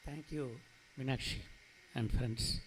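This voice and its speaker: A man's voice: medium pitch, steady tone, takes it slowly, a bit bright, a little hiss or hum, low-quality recording. A middle-aged man with an Indian English accent, an eye doctor giving a loose, rambling talk to an audience at a clinic opening. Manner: rambling, conversational, stops to address people by name. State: emotional, near tears. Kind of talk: informal presentation to an audience. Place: event hall.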